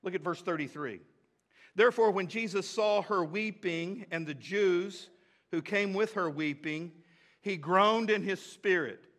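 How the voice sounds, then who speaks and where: A pastor with a bright, high-pitched voice delivers a sermon. He hammers key phrases through repetition and drops from strong emphasis to near-hushed tones. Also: measured pace. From United States. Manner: emphatic preaching with big swings from loud to hushed.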